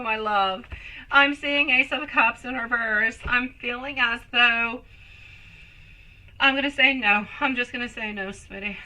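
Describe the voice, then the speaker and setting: A woman's voice: on the high side, bright, forceful tone, low-quality recording. A woman hosting a live-stream tarot reading, chatting with viewers and calling them sweetie and my love. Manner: chatty, reads viewer comments aloud and answers.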